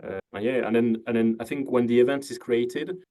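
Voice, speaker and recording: A man's voice: medium pitch, steady tone, brisk, dark tone. A man hosting a casual interview, easygoing, filling gaps with "you know" and "uh". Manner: easygoing, lots of fillers, asks leading questions. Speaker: host. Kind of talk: casual interview on a video call.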